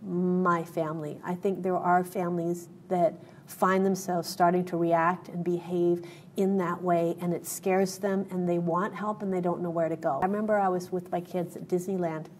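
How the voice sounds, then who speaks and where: A woman's voice: on the low side, little pitch movement, normal speed, a little mellow, slight background noise. A woman guest in an interview, telling a personal story in an earnest way, with many fillers and restarts.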